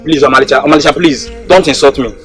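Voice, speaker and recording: A man's voice: medium pitch, steady tone, rapid-fire, faint music behind, close to an everyday voice. An actor playing a joking young village man who talks in a teasing way, with a Nigerian accent. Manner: teasing, apologetic.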